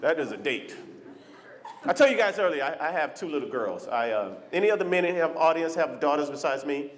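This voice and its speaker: A male stand-up comedian works a club stage in an animated, teasing way. His voice is high for a man and leaps all over the place. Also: a little fast.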